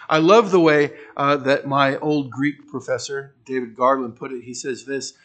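A man's voice: mid-range voice, steady tone, normal speed, few pauses. Conversational man preaching with wry asides. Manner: shifts between emphatic bursts and quiet trailing phrases. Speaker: pastor. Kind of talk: expository sermon.

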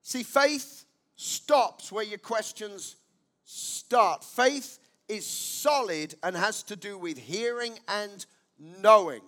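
A man with a notably high voice preaches a sermon from the pulpit. He speaks with emphasis, says his key lines twice and turns to the congregation with direct questions. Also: lively intonation, slow, fairly bright tone. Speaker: pastor.

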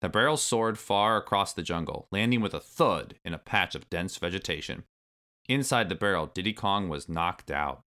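Male storybook narrator, low and bright, very lively delivery. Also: normal speed. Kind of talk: storybook read-aloud.

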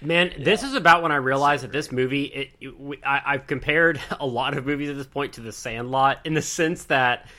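A man's voice: mid-range voice, fairly quick, few pauses, sharp tone. A man in a casual movie discussion, making wry joking asides as he talks. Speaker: podcast co-host.

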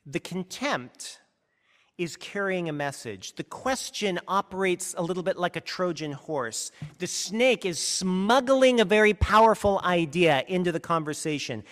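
A man preaches a sermon with real earnestness, leaning hard on his key words and often restarting a sentence mid-thought. His voice is high and swoops widely in pitch. The sound carries the long reverb of a large hall. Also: a bit bright. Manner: earnest, emphatic, with frequent restarts. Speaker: pastor.

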